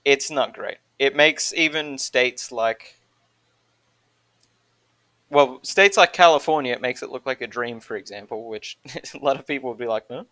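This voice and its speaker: Australian podcast guest, a man of middle pitch who rambles, breaks off mid-sentence and keeps laughing through his own points. Dry, close recording. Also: normal speed, long pauses, pushed and bright, no echo. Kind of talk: casual chat.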